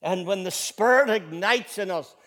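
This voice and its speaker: A male pastor delivering a sermon in a fairly high voice, trailing off quietly at times, then building to emphatic, rising declarations with repeated phrases. His words ring out with a long hall reverb behind them. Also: moderate pace. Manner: conversational storytelling with restarts.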